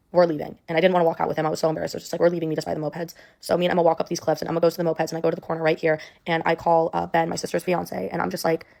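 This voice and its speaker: A woman's voice: fairly low pitch, vocal fry, a little mellow. A young woman telling a personal story in a rambling way, full of "like" and "um". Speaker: storyteller in a clip.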